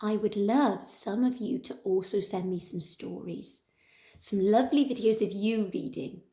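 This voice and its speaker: A woman teacher reading a picture book aloud to her pupils in an animated, expressive way. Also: medium pitch, a little slow. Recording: echoey room.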